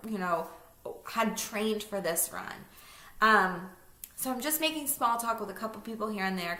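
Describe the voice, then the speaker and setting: A woman's voice: medium pitch, pushed and bright, roomy sound. A woman in her thirties, a vlogger, telling a personal story in a casual, chatty way with fillers and small laughing asides.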